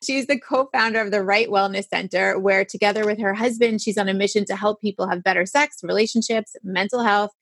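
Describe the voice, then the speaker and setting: A woman in her forties hosting a casual chat, frank and animated, swearing freely and laughing often. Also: medium pitch, a little fast, creaky, hardly any pauses, dry recording. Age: 40s. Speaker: podcast host.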